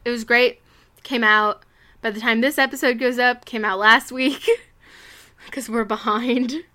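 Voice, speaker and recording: Young woman co-host, bright and smooth voice, chatty and rambling. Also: fairly high pitch, fairly even intonation, a little slow. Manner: chatty, rambling with many fillers. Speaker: podcast co-host. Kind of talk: casual chat.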